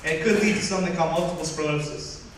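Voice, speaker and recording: A man's voice: fairly high pitch, very fast, far from the mic, a little hiss or hum. Young man telling a story, echoey hall. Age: young adult. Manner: animated storytelling, acting out quoted voices. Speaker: student speaker. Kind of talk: personal story talk.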